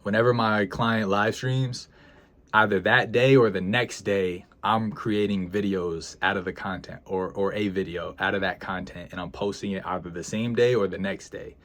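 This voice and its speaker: A young man with a very low voice speaks casually to his audience. He is earnest and emotional, sighing and hesitating, and he circles back over his own words as he reflects. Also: fairly even intonation, moderate pace, fairly bright tone. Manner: earnest, emotional, repeats himself, sighs and hesitates. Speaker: freelance video editor vlogger. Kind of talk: reflective casual vlog talk.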